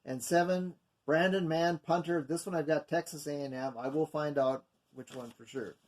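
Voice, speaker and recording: A man's voice: fairly high pitch, steady tone, moderate pace. Rambling man reading mock draft picks. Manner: rambling, full of fillers and self-corrections. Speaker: video host going over mock drafts. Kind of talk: casual unscripted commentary.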